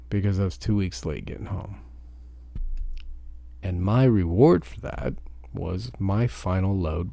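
A truck driver giving a profane, ranting podcast monologue. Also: male voice, low-pitched, creaky, mellow, no room sound.

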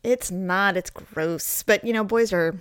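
A woman's voice: mid-range voice, unhurried, fairly bright tone, clear, resonant tone, no echo, studio quality. Groggy woman co-host in casual chat. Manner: blunt, chatty, laughs often. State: groggy morning voice with allergies. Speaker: podcast co-host.

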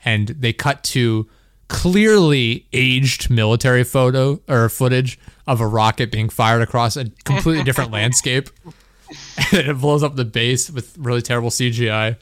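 A young podcast host, a man with a medium-pitched voice, talks at a moderate pace as he rambles and laughs through a story, saying "like" over and over in casual chat. The recording is studio quality, with no echo.

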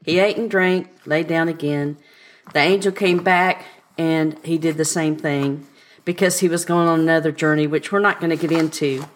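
A woman's voice: low-pitched, fairly even intonation, moderate pace. A woman co-hosting a podcast, reading scripture aloud and then talking it over in casual chat. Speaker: podcast co-host. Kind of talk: casual Bible study chat.

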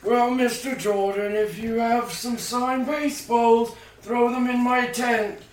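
A man putting on a dozy old grandpa who rambles slowly and mumbles half-asleep. His voice sits up high and drifts from a distance in a roomy space. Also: steady tone. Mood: drowsy. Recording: roomy, distant, light noise.

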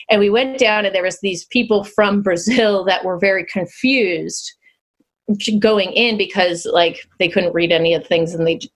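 A woman's voice: lowish voice, a bit bright. Chatty laughing woman co-host. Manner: chatty storytelling, laughs often. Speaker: podcast co-host. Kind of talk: casual chat.

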